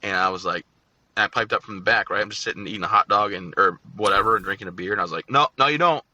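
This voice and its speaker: A man's voice: deep voice, fairly even intonation, fast, pushed and bright, highs cut off. A man in his thirties, a podcast guest telling his story candidly and acting out his own past words. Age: 30s.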